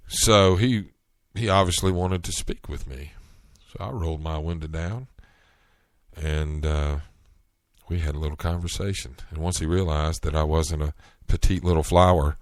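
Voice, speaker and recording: A man with a Southern US accent, from North Carolina, chatting through stories in a loose solo podcast. His voice sits very low, and the recording is dry. He talks in a relaxed way with frequent restarts. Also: dry recording. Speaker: podcast host. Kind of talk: casual solo monologue.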